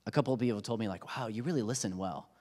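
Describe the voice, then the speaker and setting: A man's voice: lowish voice, rapid-fire, darkish tone. A pastor in his thirties giving a sermon in a church sanctuary, conversational and self-deprecating, often acting out quotes with humor. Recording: long reverb of a church hall.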